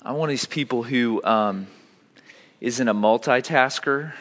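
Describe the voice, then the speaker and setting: A man's voice: medium pitch, measured pace. A male pastor, likely in his thirties, reading scripture and then telling funny self-mocking stories in a sermon. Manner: animated storytelling, self-mocking humor.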